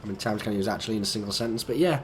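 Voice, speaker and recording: A young man, croaky and under the weather, chatting in a rambling, easygoing way while playing a game. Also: on the low side, rapid-fire, slight background noise. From England. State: croaky, sick voice. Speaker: gaming YouTuber. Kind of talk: rambling let's-play commentary.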